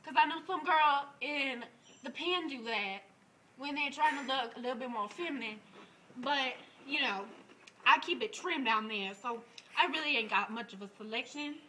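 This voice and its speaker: A man voicing a brash, crude young woman who laughs through her loud improvised comic story. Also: extremely high pitch, normal speed, a little hiss or hum, rough recording.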